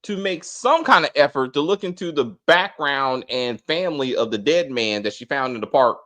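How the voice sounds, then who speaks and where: Animated, profane man reviewing a TV episode. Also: mid-range voice, moderate pace. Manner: blunt and profane, animated, laughs often. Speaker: host of a TV episode review channel. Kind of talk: casual spoiler review chat.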